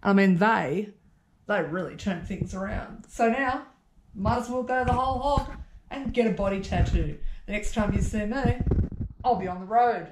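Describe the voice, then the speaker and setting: A woman's voice: medium pitch, moderate pace, darkish tone, roomy sound, a little hiss or hum. An Australian woman talking casually to an action camera as she shows around her home, blunt and chatty, with the odd swear. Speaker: vlogger.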